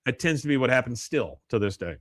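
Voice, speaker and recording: A man's voice: fast, dry recording. A man hosting a podcast, recapping a cartoon episode in casual chat, reading character lines in a raised voice and laughing often at the jokes. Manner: animated, lifts his pitch when quoting characters. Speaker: podcast host.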